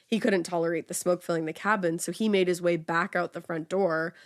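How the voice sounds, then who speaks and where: A woman's voice: on the low side, fairly even intonation, brisk. A woman co-hosting a casual true-crime chat, telling the story with lots of fillers. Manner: chatty storytelling with many fillers. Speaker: podcast co-host telling the story.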